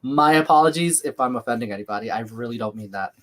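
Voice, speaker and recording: A man with a slight lisp hosts a live watch-along stream. He talks in a chatty, easygoing way, jumping between calling the action and answering viewer comments. His voice sits at an ordinary middle pitch. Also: quick pace. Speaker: livestream host.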